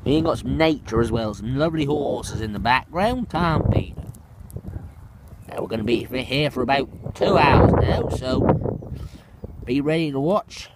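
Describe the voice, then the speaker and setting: A man with a Norfolk accent giving an excited, loud running commentary outdoors in a farm field. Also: medium pitch. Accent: Norfolk English. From Norfolk, England. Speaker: farmer presenting a video. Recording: loud tractor noise outdoors.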